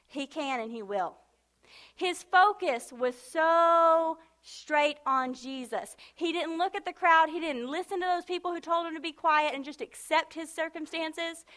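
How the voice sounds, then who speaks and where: A woman preacher with a high, bright, ringing voice delivers an impassioned sermon at a moderate pace. She builds fervor through emphatic repetition, then drifts into casual, chatty asides.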